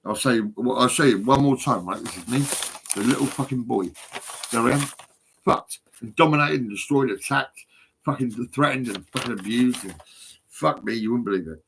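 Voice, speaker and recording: A man's voice: mid-range voice, normal speed, creaky, a bit bright, slight background noise. A middle-aged man, talking to his phone in a rambling, profane, agitated monologue that swings between mumbles and outbursts. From England. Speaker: vlogger.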